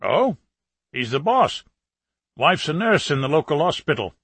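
A man's voice: fairly high pitch, sing-song, unhurried, a bit bright, breathy edge, dry recording, pitched above the performer's own voice, heavily acted. A man reading an audiobook, voicing a gossipy middle-aged plumber and former soldier. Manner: gossipy, talkative.

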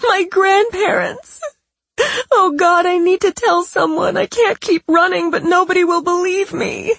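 Woman putting on a shaky, high pleading schemer. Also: animated, normal speed, no echo. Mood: fake panic. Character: scheming young woman faking terrified sobs.

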